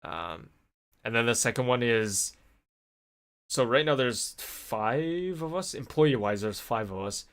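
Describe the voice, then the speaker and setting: A man vlogging in a casual, rambling storytelling way, animated when he quotes people. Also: mid-range voice, takes it slowly, clean tone. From North America. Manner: rambling, animated when quoting others, laughs often.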